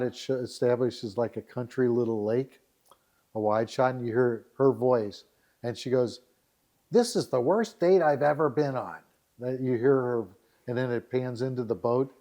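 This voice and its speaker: Animated middle-aged man telling stories. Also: medium pitch. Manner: animated storyteller, acts out scenes. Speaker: dating site founder, guest. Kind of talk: storytelling in a podcast interview.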